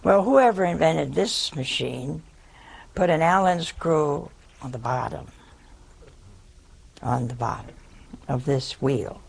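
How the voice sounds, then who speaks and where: Slow, gravelly older nun telling stories. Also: female voice, low voice, expressive, a little hiss or hum, low-quality recording. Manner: folksy, self-mocking, chuckling raconteur. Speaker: nun, head of a religious community. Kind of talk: humorous personal storytelling to an audience.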